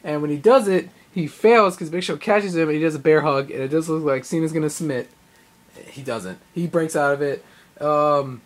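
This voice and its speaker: Rambling excitable young guy. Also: a little high. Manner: rambling and excitable, full of fillers and acted-out quotes. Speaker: vlogger. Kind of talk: casual recap of a live event.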